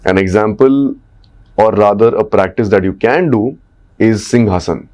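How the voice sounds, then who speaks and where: A man's voice: fairly low pitch, normal speed, a little mellow. A man with an Indian English accent, coaching on speaking and voice in a podcast conversation, checking in often with "right?". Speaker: communication coach.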